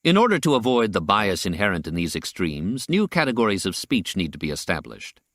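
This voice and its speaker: A man narrating a nonfiction audiobook in a measured, deliberate reading style. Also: fairly low pitch, sing-song, a bit bright, no room sound, clean studio sound.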